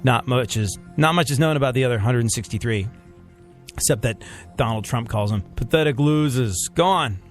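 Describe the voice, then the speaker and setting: A man hosting a comedy news podcast, rambling and excitable, with many restarts. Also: medium pitch, normal speed, soft background music. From United States. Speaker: podcast host.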